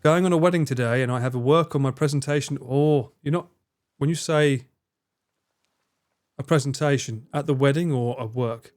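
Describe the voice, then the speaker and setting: A man's voice: mid-range voice, moderate pace, a little mellow, soft background music. A man streaming live, chatting casually with his viewers, reading out their messages and joking at his own expense. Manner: chatty, self-mocking, reads chat aloud.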